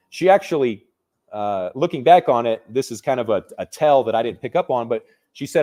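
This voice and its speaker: A man's voice: medium pitch, expressive, a little fast, mellow. Man telling a story, conversational. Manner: conversational, restarts and fillers, vivid retelling. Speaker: real estate investor. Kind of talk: casual personal storytelling.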